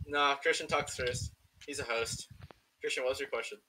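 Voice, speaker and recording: A man's voice: mid-range voice, pushed and bright, a little hiss or hum, poor audio. A man co-hosting a podcast, chatting casually and teasing the others in a wry way. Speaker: podcast co-host.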